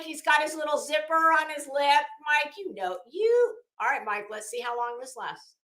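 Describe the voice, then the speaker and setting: A woman's voice: high voice, animated, moderate pace, few pauses, fairly bright tone, reverberant. A woman hosting a casual live stream, chatting with viewers by name and swearing freely. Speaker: live stream host reading chat.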